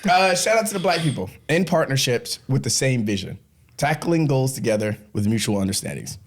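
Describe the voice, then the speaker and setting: A man hosts a podcast in a loose, joking way, swearing and laughing as he goes. He sounds winded and coughs between lines, and his pitch swings widely. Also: sing-song, a little fast. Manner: joking, profane, laughing often. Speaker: podcast host. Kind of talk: casual podcast chat.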